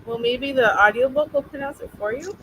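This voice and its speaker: A woman's voice: high-pitched, brisk, a bit bright, slight background noise, rough recording. A woman co-hosting a book club show, chatting casually in a giggly, encouraging way.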